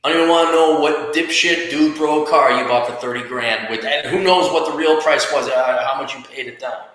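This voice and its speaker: A man's voice: fairly high pitch, brisk, fairly bright tone, a little hiss or hum. A man hosting a podcast, giving blunt, profane career advice in a casual rant. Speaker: podcast host. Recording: echoey room with long reverb.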